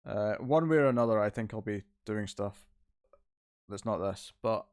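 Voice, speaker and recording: A man's voice: lowish voice, normal speed, no room sound. A man hosting a casual livestream from his couch at home, rambling and reading out chat messages. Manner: laid-back, rambling, reads chat aloud. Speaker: streamer host. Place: home living room couch. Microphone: distant mic, moves out of frame.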